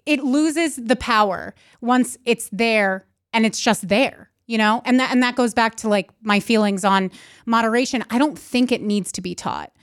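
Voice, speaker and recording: A woman co-hosting a podcast, chatting casually, agreeable and quick to laugh. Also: fairly high pitch, no room sound, studio quality. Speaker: podcast co-host. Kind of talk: casual chat.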